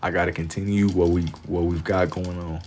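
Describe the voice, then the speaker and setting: Laid-back slangy man with a low voice. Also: little pitch movement, a little fast, darkish tone, a little hiss or hum. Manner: laid-back, slangy, repeats phrases while thinking. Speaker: livestreamer drawing for chat. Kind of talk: casual live-stream chat.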